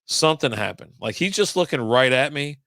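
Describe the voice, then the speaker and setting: A man in a relaxed podcast chat. He rambles, curses casually and loses his train of thought easily. His voice is average in pitch, and the dry recording has no room echo. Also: fairly quick. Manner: loose, rambling, swears and laughs often. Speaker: podcast co-host.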